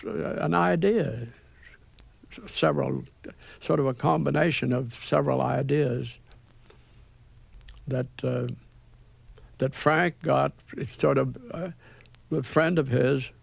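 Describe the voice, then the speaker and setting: Older man with a gravelly halting drawl. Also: mid-range voice, dry recording. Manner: halting drawl with many restarts and fillers. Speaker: actor being interviewed. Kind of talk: reminiscing interview.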